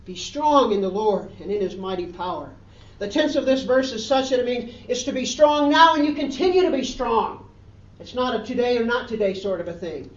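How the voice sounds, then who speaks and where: A woman's voice: on the high side, darkish tone. A woman preacher delivering a sermon with emphatic, repetitive stress on key phrases. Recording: dull, roomy sound picked up from a distance.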